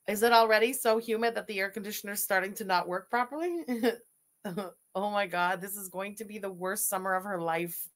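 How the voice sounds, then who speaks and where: A woman's voice: medium pitch, fairly even intonation, normal speed. A woman giving sarcastic, swearing reaction commentary on a livestream. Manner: sarcastic, scathing, swears freely.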